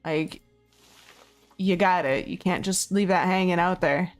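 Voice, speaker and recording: A hoarse woman streamer chatting casually with her viewers, rambling, laughing often and swearing freely. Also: on the low side, a little slow, soft background music. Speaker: game streamer. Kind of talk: casual chat with viewers while building.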